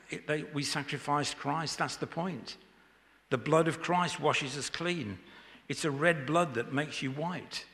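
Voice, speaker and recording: A man's voice: mid-range voice, vocal fry, pushed and bright. A man preaching an informal sermon in church, chatty and joking with the congregation. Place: church hall. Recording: echoey church hall.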